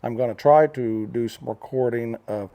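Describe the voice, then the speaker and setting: A man's voice: medium pitch, normal speed, warm tone. An older man from the United States telling a story in a casual talking-head vlog, rambling with fillers and restarts. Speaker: vlogger.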